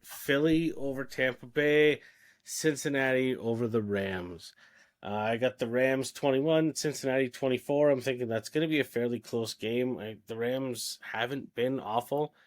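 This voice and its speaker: A man talking casually on a sports podcast, listing his picks one after another. His voice sits at a middling pitch, and he fills the gaps with "uh" and "um" as he goes. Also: moderate pace. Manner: rattles off picks with fillers and hesitations. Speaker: podcast co-host.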